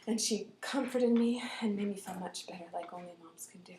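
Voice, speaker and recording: A woman telling a personal story aloud in an animated way, dropping to whispers and rising to loud outbursts. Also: mid-range voice, fairly quick, roomy sound, background noise.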